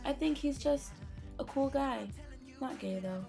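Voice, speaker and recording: A woman's voice: sits high, measured pace, gravelly, warm tone, faint music behind. A young woman co-hosting a casual fan Q&A, goofy and giggly, breaking into playful outbursts. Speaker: K-pop reaction channel co-host. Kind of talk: casual Q&A chat.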